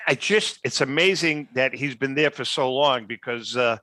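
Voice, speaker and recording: A man co-hosting a casual talk show, chatting with friendly restarts and quick apologies. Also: mid-range voice, sharp tone, no room sound. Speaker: co-host.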